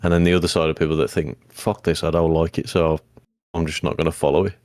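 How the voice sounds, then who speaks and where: A man's voice: very deep voice, level tone, fast, darkish tone, dry recording, studio quality. A young man, co-hosting a podcast in laid-back casual chat, blunt and casually sweary. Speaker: podcast co-host.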